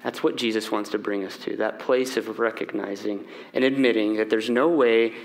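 A man's voice: on the low side, steady tone, moderate pace, vocal fry. A middle-aged man preaching a sermon in a conversational way, often checking in with the congregation. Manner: conversational, asks the crowd "right?" often, voices the disciples. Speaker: pastor.

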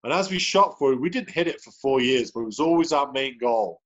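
A man's voice: medium pitch, lively intonation, brisk. A man hosting a sales team video call, chatting cheerfully and greeting people one by one. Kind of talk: upbeat motivational team call. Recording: dull lo-fi video call audio.

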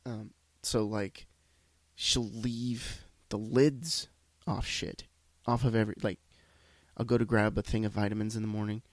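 With a fairly low voice that barely moves in pitch, a man speaks a little slowly while hosting a solo podcast monologue. He's congested from a sinus issue and rambles profanely and self-deprecatingly, recorded on a podcast microphone with no room sound.

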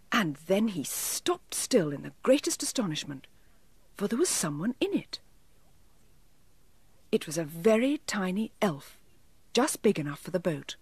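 A woman reads a children's story aloud with gentle, expressive delivery. Her pitch moves in lively arcs and her voice has a soft breathy edge. The recording is close and dry. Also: dry recording. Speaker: narrator. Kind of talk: storybook reading.

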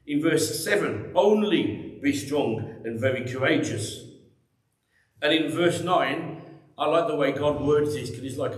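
Taking it slowly in a voice on the high side, a pastor preaches into a microphone to a congregation in an echoey church room. His sermon is emphatic and conversational, full of repeated phrases.

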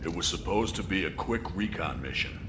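A man's voice: low-pitched, lively intonation, a little fast, background noise. An actor playing a blunt, argumentative male resistance corporal in a video game. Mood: worried. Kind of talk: video game cutscene acting.

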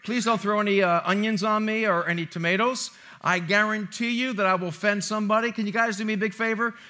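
A man's voice: high-pitched, fairly even intonation, fast talker, bright, forceful tone. A male pastor preaching a sermon in a church, chatty and playful, joking with the congregation. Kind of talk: sermon with a joke. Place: church sanctuary.

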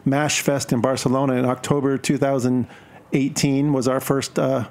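A man's voice: mid-range voice, little pitch movement, moderate pace, a little mellow. A man from the United States, a beer importer and guest on a radio show, telling a story in a chatty, joking way. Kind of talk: radio interview.

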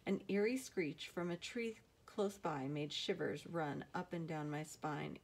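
A woman reads a novel aloud in a steady, measured way. Her voice sits somewhat low for a woman. She tells the story plainly and evenly. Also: vocal fry. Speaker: audiobook narrator.

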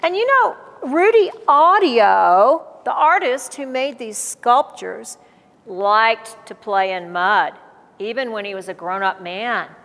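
Docent lady reading a kids book in a museum, slow and lively, big echoey hall. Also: a little high. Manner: animated, explains words to kids. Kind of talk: reading a picture book aloud to children. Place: art museum gallery.

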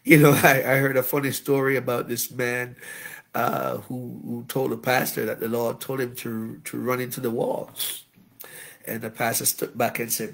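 A man, a bishop, preaches at a Bible study. He talks in an animated way, tells funny stories, and puts in frequent amens and shouts of praise. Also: mid-range voice, normal speed, creaky. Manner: humorous, anecdotal. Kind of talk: sermon.

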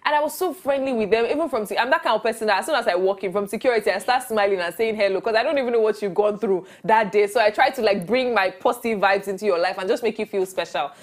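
A woman's voice: mid-range voice, fast talker, few pauses. A young woman with a Nigerian accent, chatting as an interview guest. She is bubbly, laughs often and acts out the voices of people she quotes. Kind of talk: casual interview chat.

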